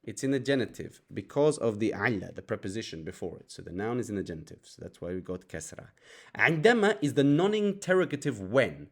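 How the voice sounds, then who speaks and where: A man's voice: fairly low pitch, very animated, fast talker. Man explaining grammar step by step. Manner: explanatory, breaks sentences down word by word with fillers. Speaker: Arabic teacher. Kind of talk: grammar lesson.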